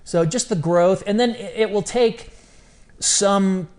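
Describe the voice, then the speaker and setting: This man is a guest on a podcast, chatting in a casual interview with lively energy and phrases repeated for emphasis. His voice is high-pitched and his pace is slow.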